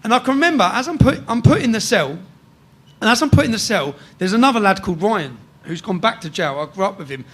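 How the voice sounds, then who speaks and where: An English man telling a rough story in casual chat, swearing freely and tagging sentences with "yeah?". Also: sits high, animated, quick pace, a bit bright. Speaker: guest storyteller.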